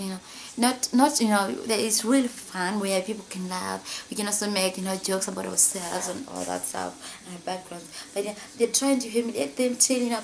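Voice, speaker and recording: A woman from Africa telling a personal story in a vlog, saying "you know" constantly and jumping high in pitch when she quotes others. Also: slight background noise. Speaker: vlogger.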